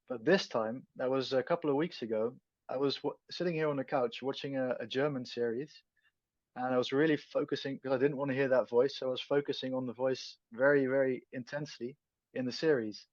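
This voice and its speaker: This guest is a man from the Netherlands whose native language is Dutch, and his accent shows it. He answers interview questions thoughtfully, groping for words, in a steady mid-range voice at a brisk pace. There is no room sound; the audio is dull, dry lo-fi.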